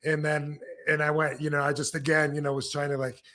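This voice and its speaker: A man's voice: on the high side, flat delivery, a little fast, pushed and bright. A man in his fifties from Michigan hosting a podcast, telling stories casually with many restarts and fillers. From Michigan, USA. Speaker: podcast host. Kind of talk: casual storytelling.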